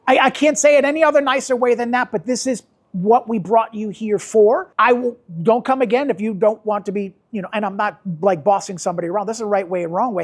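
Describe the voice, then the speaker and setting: A man's voice: high voice, lively intonation, a little fast. A middle-aged man, a wedding photographer, teaching a workshop in an informal, rambling way, repeating words for emphasis. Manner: rambling with many restarts.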